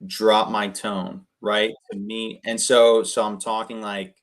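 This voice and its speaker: Chatty low-voiced man coaching on the phone. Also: takes it slowly. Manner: energetic, chatty, full of fillers and restarts; acts out phone calls, shifting his tone to match others. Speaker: real estate investor coaching cold callers. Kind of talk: casual coaching talk on a video call.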